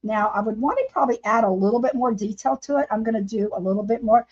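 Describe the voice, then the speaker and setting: A woman's voice: fairly high pitch, quick pace, a little mellow, breathy edge. A woman hosting a casual craft livestream from home, chatting and laughing with her viewers while she paints. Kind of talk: casual live-stream chat while painting. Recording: dull lo-fi livestream audio.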